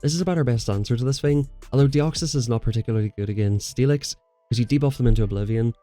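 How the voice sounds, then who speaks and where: A man's voice: medium pitch, fast talker, mellow, no room sound, faint music behind. A man hosting his gaming channel, giving casual, chatty gameplay commentary and explaining each move as he plays. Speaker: game channel host.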